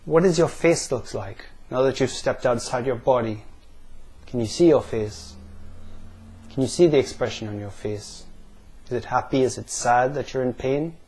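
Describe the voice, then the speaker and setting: A man leading listeners through a guided pain-visualization exercise, asking slow, calm questions with pauses. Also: mid-range voice, breathy edge. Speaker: NLP practitioner.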